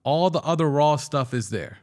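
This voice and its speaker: A young man hosting a casual sports talk show, excitedly giving his takes and answering viewer comments, often restarting and stumbling over his words. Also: on the high side, normal speed. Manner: excitable, with frequent restarts and stammers. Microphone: studio microphone.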